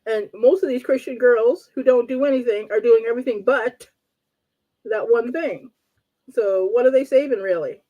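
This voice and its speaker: A woman's voice: fairly high pitch, normal speed, lo-fi sound. Blunt, teasing woman talk show host. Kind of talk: casual live-stream chat.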